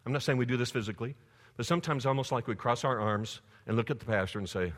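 A man preaching a sermon, lively and conversational, telling stories to his congregation. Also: mid-range voice, quick pace. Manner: animated storytelling preacher. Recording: long church reverb.

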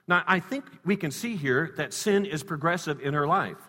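A man preaching a sermon built around a personal story, swinging between loud emphasis and hushed lines. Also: a little high, moderate pace. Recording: reverberant hall.

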